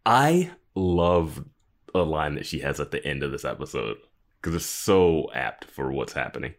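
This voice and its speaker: A man with a very low voice chats casually on a podcast, reacting to a show with eager enthusiasm. He breaks into laughter often as he talks. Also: big pitch swings, a little slow. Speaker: podcast co-host. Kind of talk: casual chat.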